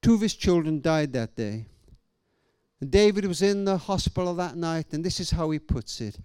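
A man's voice: a little high, lively intonation, moderate pace, warm tone, clear, resonant tone, no room sound, clean studio sound. A man preaching a sermon, telling a story emphatically and dramatically, often restarting his sentences.

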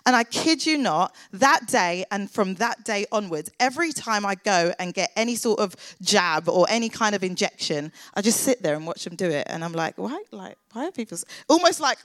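A woman's voice: medium pitch, lively intonation, moderate pace, few pauses, fairly bright tone, no echo. An earnest young woman tells her faith testimony in a chatty, informal way. She is a church worker with a mid-range voice. The recording is close and dry with no room sound. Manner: earnest, chatty, lots of filler "like"s.

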